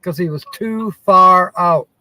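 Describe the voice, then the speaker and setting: A man's voice: high-pitched, takes it slowly, pushed and bright, no echo, rough recording. A man hosting a live stream from his truck, chatting casually and chuckling often. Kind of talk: casual chat.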